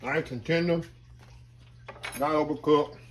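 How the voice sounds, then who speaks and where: A man's voice: fairly high pitch, fairly even intonation, unhurried, a little hiss or hum. Folksy man hosting a cooking vlog. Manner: folksy, chatty, savoring food with hums. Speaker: cooking channel host.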